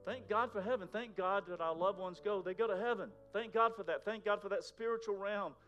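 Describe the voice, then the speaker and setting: Man, pastor, conversational sermon, fairly high voice, faint music behind. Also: brisk, highs cut off. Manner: conversational preaching, swings from loud to whispered.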